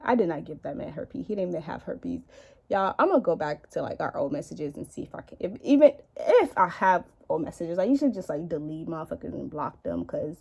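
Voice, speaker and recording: A woman's voice: low voice, big pitch swings, fairly quick, vocal fry, darkish tone, breathy edge. A young woman telling a rambling, profane story in a casual makeup vlog, recorded indoors at home on a camera in front of her. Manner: chatty, profane, rambling, with many likes. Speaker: beauty vlogger.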